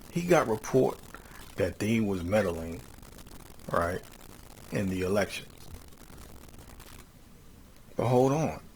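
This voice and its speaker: A man giving casual commentary, reading quotes slowly and then rising into heated, mocking rants that end phrases with "man". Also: mid-range voice, gravelly, slight background noise, low-quality recording. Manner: drawls "man" at phrase ends. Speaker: religious commentator.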